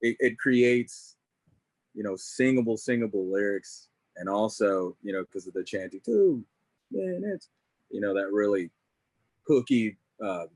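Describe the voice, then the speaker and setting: A man, a guest musician, talking in casual chat, relaxed and full of "you know" and "man". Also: fairly low pitch, normal speed, dry recording.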